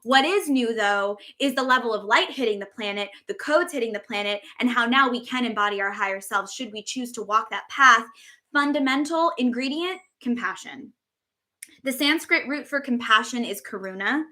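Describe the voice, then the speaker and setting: A woman's voice: a little high, lively intonation, normal speed, pushed and bright. A woman hosting a spiritual podcast, teaching in an effusive, casual way, swearing freely and stretching out words for emphasis.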